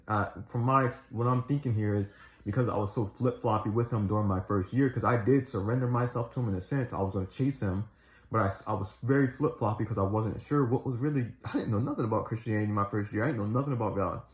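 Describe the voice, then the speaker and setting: A man casually telling a personal faith story, rambling with restarts and earnest retellings. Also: on the low side. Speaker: Christian storyteller. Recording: echoey room, slightly dull sound.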